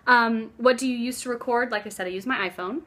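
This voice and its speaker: A woman's voice: on the high side, fast. Brief: young woman, craft vlogger, casual heartfelt chat, phone camera in a living room. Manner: chatty and heartfelt, drifting soft and hushed at times. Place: living room, seated on floor. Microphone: phone camera on a stack of books.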